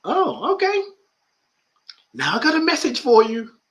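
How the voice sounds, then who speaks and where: A man voicing his own bodily discomfort as a worn-out, nagging character with a high, exasperated voice. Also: wildly swooping pitch, unhurried, a bit bright, heavily acted. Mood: weary, nagging. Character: worn-out talking pain, chatty and weary.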